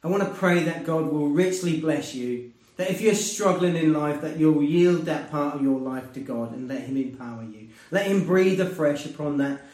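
A male preacher delivers a sermon in an earnest, conversational way, swinging from loud emphatic peaks to quiet, hushed lows. His voice sits a little high. He is heard from some distance in a reverberant room. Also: normal speed. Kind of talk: sermon with personal testimony. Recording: roomy, distant mic.

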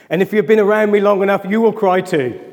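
A man's voice: high voice, fairly quick, darkish tone, long reverb tail. A man preaching a sermon as pastor. He talks emotionally, nears tears, and keeps asking his congregation questions. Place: church hall.

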